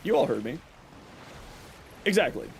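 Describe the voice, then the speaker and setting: A man's voice: mid-range voice, sing-song, unhurried, slight background noise. A man streaming a video game, chatting casually and explaining tips to his viewers. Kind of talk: casual gameplay commentary.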